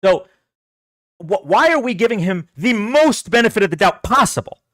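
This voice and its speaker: A man with a high, lively voice argues with his livestream chat, sarcastic and exasperated. He repeats himself to press a point. The sound is dry and close. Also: normal speed, no echo. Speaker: political livestream host. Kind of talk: casual livestream commentary to chat.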